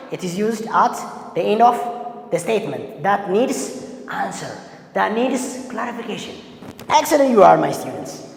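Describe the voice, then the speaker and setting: Male teacher, slow and deliberate, lively pitch, gravelly edge, roomy reverb, faint background hum. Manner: slow, deliberate, repeating key words for students. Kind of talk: classroom grammar lesson. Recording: echoey room with long reverb and faint ambience.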